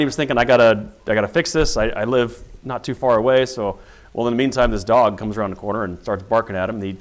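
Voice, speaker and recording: A middle-aged man recounts his days on the police force as an earnest testimony. His voice sits at an ordinary middle pitch, and he slips into the voices of the people in his story as he tells it. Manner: earnest storytelling, acting out quoted dialogue. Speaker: police officer. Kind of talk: personal testimony with faith reflection.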